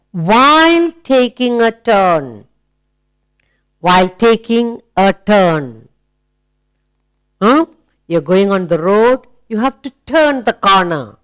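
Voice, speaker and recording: A woman with an Indian English accent teaching phonics to children, drawing out key words slowly and asking many questions. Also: mid-range voice, smooth. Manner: slow and deliberate, drawing out key words, asks frequent questions. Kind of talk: slow, animated teaching to children.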